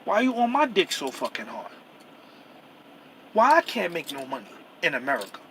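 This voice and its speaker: Man ranting hard in a sharp, high voice. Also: huge pitch swings, moderate pace, slight background noise, poor audio. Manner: heated, profane and repetitive, with frequent restarts. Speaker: truck driver. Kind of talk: angry personal rant to camera.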